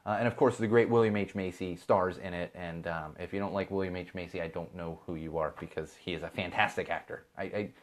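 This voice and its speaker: Speaking fairly quickly with hardly any pauses, this man's voice sits low and holds a steady tone. He's a thirty-something podcast host from Chicago, ranting through a casual live-stream chat with sarcastic asides and imitations of other people.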